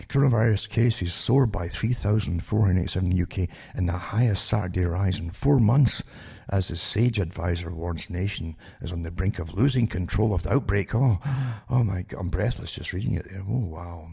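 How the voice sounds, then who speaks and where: A man's voice: deep voice, a little fast, creaky, few pauses, darkish tone, slightly rough. An older man hosting a talk radio show, rambling with many restarts and sarcastic asides that end in "eh?".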